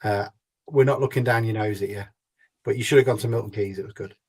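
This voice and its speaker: A man's voice: fairly low pitch, fast, darkish tone, slightly rough. A man hosting a fan podcast in casual chat, jokey and teasing. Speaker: podcast host.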